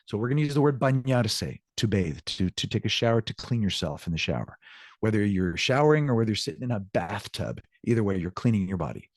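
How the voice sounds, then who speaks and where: A man's voice: fairly low pitch, very animated, fast, dry recording, studio quality. A man teaching a Spanish lesson, explaining grammar patiently and often checking in with his students. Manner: answers student questions aloud. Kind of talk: recorded online class lecture.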